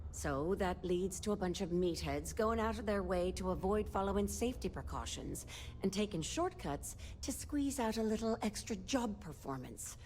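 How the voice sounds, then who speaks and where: A woman's voice: medium pitch, animated, moderate pace, a little mellow, slight background noise, close to an everyday voice. A woman voicing a weary female doctor in a video game, with a blunt, exasperated, ranting manner.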